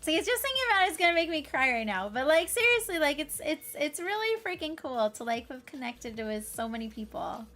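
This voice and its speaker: High, lively woman streamer, bubbly and effusive, bright voice, faint music behind. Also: brisk, few pauses. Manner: bubbly and effusive, frequent laughter and fillers. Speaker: variety streamer. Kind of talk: casual livestream chat.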